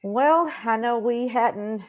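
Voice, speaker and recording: A woman's voice: fairly high pitch, takes it slowly, a little mellow. A woman who works as a psychic medium, chatting casually as co-host on a live stream, rambling and hesitant with many fillers.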